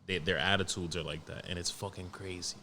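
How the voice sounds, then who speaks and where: A man in his late twenties hosting a podcast alone, talking in a profane, rambling, animated way. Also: low-pitched, fairly quick, a little hiss or hum. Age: 20s. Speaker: podcast host. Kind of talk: casual solo podcast rant.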